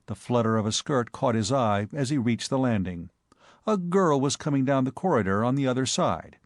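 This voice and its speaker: Expressive male audiobook narrator. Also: mid-range voice, normal speed, no echo, clean studio sound. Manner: expressive, wry storytelling. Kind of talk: scripted narration of comic fiction.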